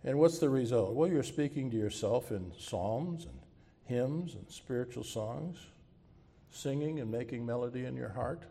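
A man's voice: medium pitch, lively intonation, moderate pace, vocal fry, mellow. A man preaching a sermon as pastor, asking the congregation rhetorical questions and closing with a prayer. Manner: closes with a spoken prayer.

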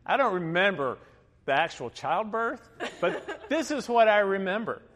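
A man's voice: high voice, lively intonation, unhurried, a bit bright. A man in his fifties, a pastor preaching a sermon, telling a personal story in a chatty way with many fillers and laughing asides. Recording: long hall reverb.

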